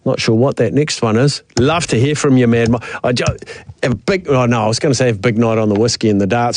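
A man's voice: mid-range voice, quick pace, darkish tone. A man hosting a sports talk radio show, easygoing and bantering. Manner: easygoing, banters, laughs often. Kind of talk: casual sports radio chat.

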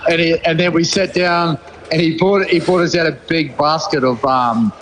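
A man's voice: a little high, moderate pace, slight background noise, poor audio. A man with a New Zealand accent, a former rugby player calling in from abroad and telling stories with lots of laughter. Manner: excitable, laughing storyteller. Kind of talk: casual phone-in chat.

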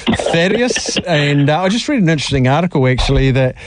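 A man's voice: a little high, expressive, fairly quick, noisy background. A man hosting sports radio, bantering with a guest and reading out listener texts. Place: radio studio.

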